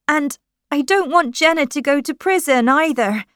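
A woman's voice: high voice, normal speed, fairly bright tone, no echo, clean studio sound, voice pushed up. A woman reading a storybook aloud, voicing an upset, torn teenage girl with a raised, strained voice. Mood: distressed.

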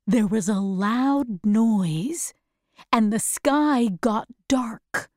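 A woman narrating a storybook chapter in clear, deliberate, simple phrasing. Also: on the high side, lively intonation, darkish tone, no room sound, studio quality. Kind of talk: slow storybook read-aloud.

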